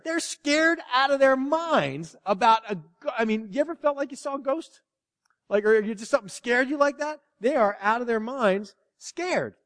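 Male pastor, high voice, animated sermon with hushed drops, long hall echo. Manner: animated, swings from loud to hushed, acts out quotes.

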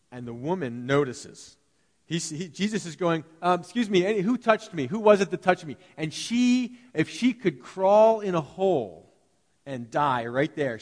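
A pastor preaches in a church sanctuary, lively and conversational, acting out short voices as he tells the story. His voice is medium-pitched, and the recording has a big-room sound.

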